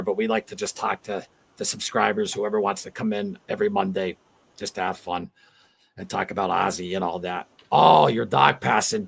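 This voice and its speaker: A man's voice: mid-range voice, vocal fry, breathy edge. A man in his forties hosting a casual livestream chat, rambling and heartfelt as he reads viewer comments aloud. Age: 40s. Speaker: livestream host.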